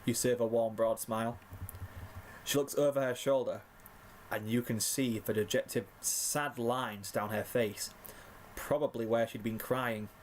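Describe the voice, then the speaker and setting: Casting note: male reader, mid-pitched, hamming up the drama of a story read aloud. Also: fairly even intonation, measured pace, a little hiss or hum. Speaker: fanfiction reader. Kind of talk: dramatic narration of a second-person story.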